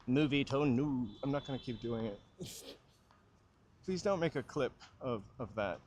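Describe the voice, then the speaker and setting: Out on a city street with a small mic clipped to his hat brim, a man hosts a walking livestream, chatting and joking in a rambling way. His medium-pitched voice is animated and darkish at a moderate pace, with the highs cut off and a little hiss or hum.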